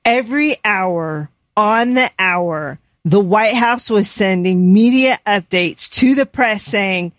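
A co-host on a casual political talk show, speaking earnestly and with strong opinions in a steady delivery. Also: medium pitch, takes it slowly, few pauses, no echo.

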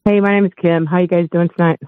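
A woman's voice: fairly low pitch, steady tone, quick pace, no echo. Emotional older woman on a tinny phone line. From Los Angeles. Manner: emotional, earnest, gushing. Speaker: caller. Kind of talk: call-in radio chat.

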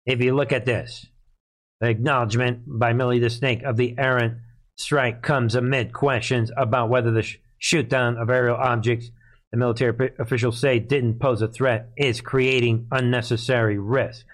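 A man's voice: medium pitch, flat delivery, moderate pace. A man hosting a live political commentary stream, talking in a sarcastic, scoffing way.

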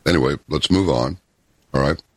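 A man talking as a guest in an interview, telling stories in an emphatic, deliberate way. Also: a bass voice, dry recording. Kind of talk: casual interview talk.

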